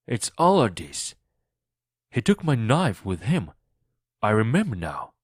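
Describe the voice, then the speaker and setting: A man's voice: fairly low pitch, wildly swooping pitch, unhurried, a little mellow, husky, dry recording, studio quality, exaggerated voice. A man voicing a superstitious, frightened pirate who speaks fearfully, in an audiobook reading for learners. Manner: fearful, anxious.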